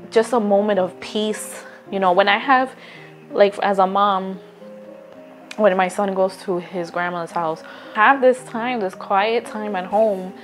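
A woman talking straight to her phone camera in a casual, earnest vlog, encouraging viewers and often stopping to restart a thought. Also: mid-range voice. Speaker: vlogger. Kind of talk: casual motivational talk to camera.

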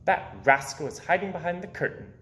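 A man voicing a kindly mother who speaks gently to her young son in a read-aloud storybook. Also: on the high side, lively intonation, brisk, a little hiss or hum. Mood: gentle.

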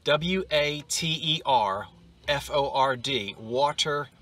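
Excitable man gushing over thrift finds. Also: mid-range voice, takes it slowly. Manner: excitable, exclaims over finds, chatty asides. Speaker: antiques and vintage reseller. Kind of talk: casual thrifting vlog. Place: in a car and a thrift store.

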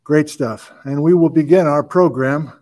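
A man's voice: fairly high pitch, unhurried, a little mellow. A man hosting a casual livestream, upbeat as he greets viewers and reads out where they are watching from. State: out of breath. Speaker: host.

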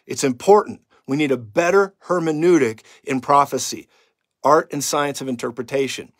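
A man preaching and praying over his audience as a prophetic minister, fervent and declaring, sometimes dropping to a hushed tone to tell of a vision. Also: medium pitch, moderate pace, no echo, studio quality. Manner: fervent, declaring, rising to loud proclamations; drops to hushed, intimate recounting of a vision.

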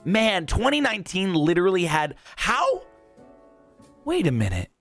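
An excitable young man talks casually as he opens game crates, rambling and jumping from topic to topic. His pitch swings widely, and now and then he bursts into a shout. Faint music plays behind him. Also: a little slow, vocal fry. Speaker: gaming YouTuber. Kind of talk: casual crate-opening commentary.

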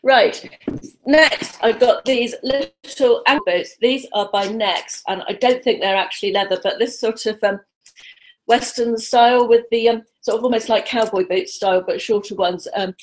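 A woman's voice: fairly high pitch, steady tone. Nervous chatty woman in her fifties. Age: 50s. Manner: nervous, rapid, chatty with many ums. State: slightly out of breath. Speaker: vlogger. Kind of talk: casual live-stream haul chat. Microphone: webcam.

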